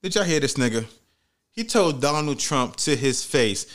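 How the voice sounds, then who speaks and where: A man's voice: a little high, sing-song, takes it slowly, pauses often, a bit bright. A man hosting a comedic commentary vlog, ranting with heavy profanity and mock outrage. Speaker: commentary host.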